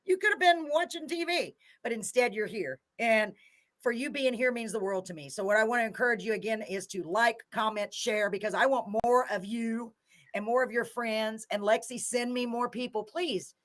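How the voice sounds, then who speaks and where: A woman's voice: fairly high pitch, moderate pace, a bit bright. A middle-aged woman hosting a live show, effusive and chatty, laughing often. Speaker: host. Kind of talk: casual live show chat.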